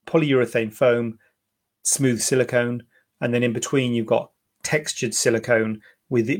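Male surgeon, mid-pitched, gravelly, chatty and rambling while answering questions. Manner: chatty, thinks aloud with fillers and repeats. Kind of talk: casual live Q&A.

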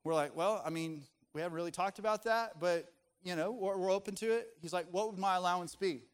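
A man's voice: sits high, brisk, clear, resonant tone, in a large hall. A middle-aged man preaching as a pastor, reading scripture and speaking earnestly and conversationally to his congregation. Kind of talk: sermon.

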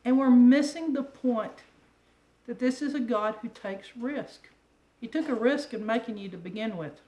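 Brief: woman preacher, animated and chatty, rhetorical questions, reverberant church sound. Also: a little high, normal speed. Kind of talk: sermon. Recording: echoey room with faint ambient noise.

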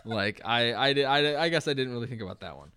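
A man's voice: medium pitch, animated, quick pace, bright, forceful tone, clear, resonant tone. A young man co-hosting a casual book podcast, easygoing and full of fillers as he recaps the story. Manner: laid-back, plenty of fillers and agreeing murmurs. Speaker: podcast co-host.

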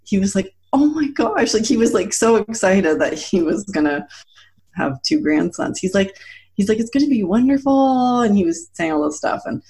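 A woman in her thirties, telling a personal story in a casual chat, animated and laughing often as she acts out quotes. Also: lowish voice, normal speed. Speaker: guest.

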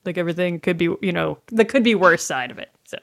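Fast-talking woman explaining. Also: on the low side, animated, creaky. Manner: quick, explanatory, asks rhetorical questions. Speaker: podcast guest, leadership educator. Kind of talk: casual conversation.

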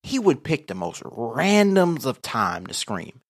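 Animated profane podcast storyteller man. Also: mid-range voice, slow pace. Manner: animated, profane, laughs through his story. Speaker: podcast co-host. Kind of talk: casual storytelling chat.

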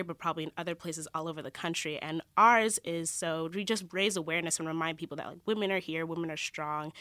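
A woman's voice: low-pitched, a bit bright, dry recording. A young woman, a student organizer speaking earnestly and passionately as a guest in a radio interview. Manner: earnest and passionate, talks in long flowing runs. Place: radio studio.

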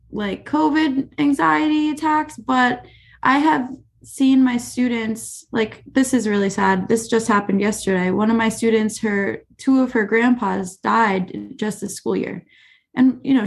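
Chatty young woman with gravelly fry. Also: a little high. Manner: chatty, many fillers like "like" and "you know". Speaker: teacher, podcast guest. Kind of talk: casual conversational interview.

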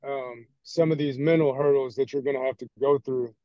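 A man's voice: mid-range voice, steady tone, brisk, no room sound. Laid back guy joking around, muffled dry call sound. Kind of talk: group call.

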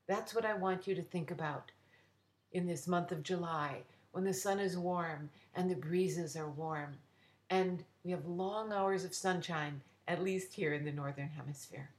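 A woman's voice: fairly low pitch, a little slow. Woman reading a children's story. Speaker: storyteller and writer. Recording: roomy echo.

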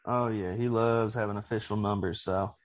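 A man's voice: lowish voice, steady tone, normal speed, dull audio. A young man co-hosting a casual podcast, teasing with dry jokes. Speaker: podcast co-host. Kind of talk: casual chat.

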